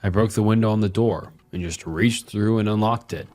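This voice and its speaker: A man's voice: on the low side, moderate pace, a little mellow, faint music behind, lightly acted. A man voicing a drunk, violent, self-pitying husband who rambles and swears crudely through a horror story. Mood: bitter, rambling.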